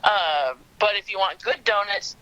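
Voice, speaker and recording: A woman's voice: medium pitch, a little slow, sharp tone, highs cut off. A middle-aged woman from Southern California, chatting as a podcast guest and rambling with lots of fillers. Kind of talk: casual chat.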